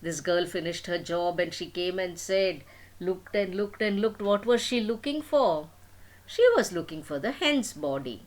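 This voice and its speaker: An older woman telling a story to children, with a fairly low voice. Her pitch is very lively, rising and falling as she plays up the drama. She sounds like a grandmother reading aloud. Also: unhurried. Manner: animated, dramatic.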